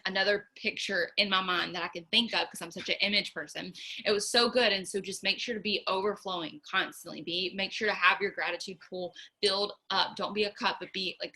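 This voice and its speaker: A woman's voice: on the low side, sharp tone, low-quality recording. A young woman, giving a casual, earnest faith talk to her viewers, chatty with many fillers. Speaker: faith vlogger.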